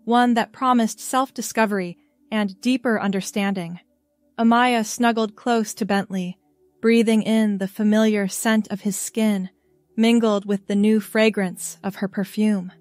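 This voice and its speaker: A woman reading a scripted story aloud in a calm, even storybook manner. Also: mid-range voice, dry recording.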